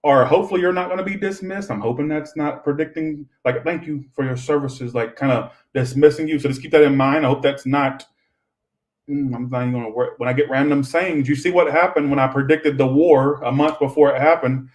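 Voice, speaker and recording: A man's voice: on the high side, a little fast, low-quality recording. Rambling, profane male tarot reader. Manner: chatty, rambling, swears freely. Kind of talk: live-stream tarot reading.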